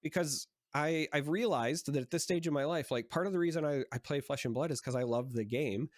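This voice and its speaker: A man's voice: on the high side, fairly quick, no echo, clean studio sound. A man co-hosting a podcast in casual chat, thinking aloud as he talks and often restarting his sentences. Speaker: podcast co-host.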